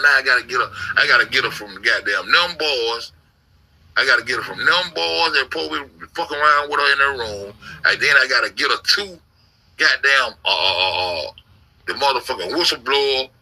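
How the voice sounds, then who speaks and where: A man's voice: medium pitch, brisk, pushed and bright, poor audio. A man telling a rambling, profane story in a casual livestream, repeating himself and swearing heavily. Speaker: livestreamer recounting an online investigation.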